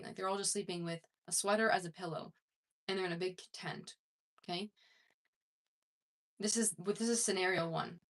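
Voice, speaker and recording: A woman self-improvement coach with a mid-range voice chats casually to the camera for her viewers. She's conversational and rambling, with lots of fillers and restarts.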